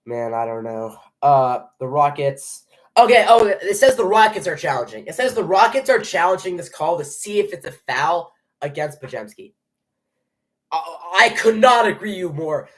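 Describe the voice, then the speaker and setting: With a slightly high voice and a moderate pace, an excitable young fan narrates a game live. He's nervous, and his sentences keep breaking off and starting over.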